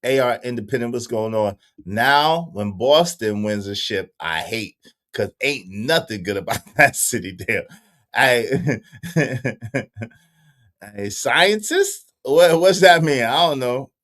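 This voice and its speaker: A young man hosting a casual livestream, bantering with the chat in animated, repetitive bursts with frequent laughs. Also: mid-range voice, takes it slowly. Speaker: livestream host.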